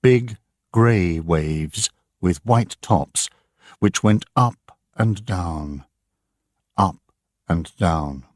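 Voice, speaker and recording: A man narrating an audiobook for English learners, slow and clearly enunciated. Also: low-pitched, no echo, clean studio sound.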